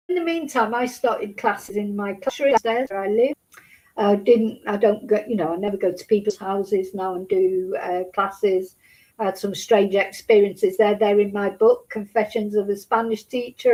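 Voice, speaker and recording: A middle-aged woman, a Spanish teacher, telling a personal story to camera in a halting, rambling way, close to tears. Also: mid-range voice, a little mellow, rough recording. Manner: halting, full of restarts and asides. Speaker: Spanish teacher and channel host.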